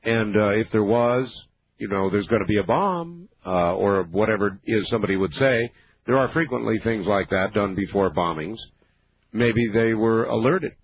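A man hosting a late-night call-in radio show, folksy and opinionated as he rambles through his thoughts. His voice is husky, and it comes through a dull, muffled radio broadcast. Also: on the low side, normal speed, dry recording. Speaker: radio talk show host.

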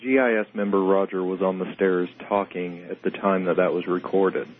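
A man's voice: low-pitched, steady tone, moderate pace. A man calling into a radio show as a guest investigator, explaining his recordings in a matter-of-fact way. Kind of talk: radio interview answers. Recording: tinny phone-line audio.

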